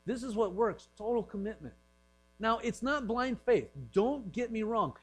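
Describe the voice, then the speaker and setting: A pastor giving a casual, joking sermon, dropping into quiet acted-out voices now and then, over a faint mains hum. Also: male voice, sits high, a little slow, soft background music, rough recording. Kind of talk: conversational sermon.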